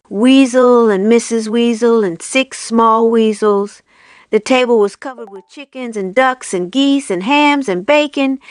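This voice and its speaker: A woman's voice: a little high, smooth, no echo. Woman reading a children's story aloud. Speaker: reader.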